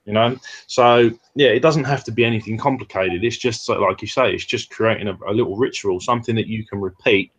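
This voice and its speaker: Low-voiced man explaining, lo-fi. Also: fairly bright tone. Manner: explanatory, hesitant, many fillers. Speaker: co-host, personal trainer. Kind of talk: casual webcast chat.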